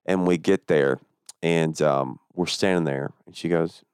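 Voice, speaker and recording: A man's voice: low-pitched, unhurried, a little mellow, clear, resonant tone, no room sound, clean studio sound. A man telling a long, profane story in a casual podcast chat.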